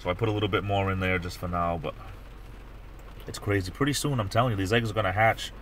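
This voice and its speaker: A man's voice: low-pitched, fairly even intonation, quick pace, a bit bright, a little hiss or hum. A middle-aged man hosting a livestream, chatting casually in a rambling way with many restarts. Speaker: livestream host. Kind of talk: casual chat.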